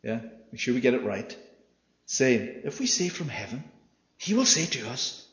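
A man preaching a sermon and reading scripture aloud. He often asks the congregation questions and swings between loud and quiet. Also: medium pitch, sing-song, measured pace, vocal fry. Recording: echoey hall, dull sound.

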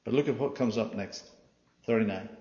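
A man's voice: on the low side, a little fast. Man, preacher, expository sermon, questions to the congregation, roomy reverb. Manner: lively, asks the congregation questions, swings from loud to quiet. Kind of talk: expository sermon reading scripture. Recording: echoey hall, dull sound.

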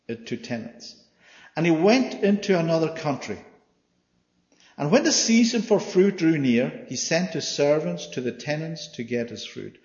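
A man preaching in a big, echoing church hall, and the sound is slightly dull. He reads scripture aloud and keeps asking the congregation questions. His voice jumps from loud to hushed. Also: on the high side, normal speed. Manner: lively, asks the congregation questions, swings from loud to quiet. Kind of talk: expository sermon reading scripture.

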